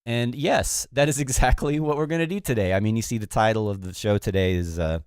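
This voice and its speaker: A man hosting a music production livestream, congested and low on energy, talking in a relaxed, rambling way with many fillers. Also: brisk, clean tone, no echo, clean studio sound. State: congested, recovering from illness. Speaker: livestream host. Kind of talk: casual livestream chat.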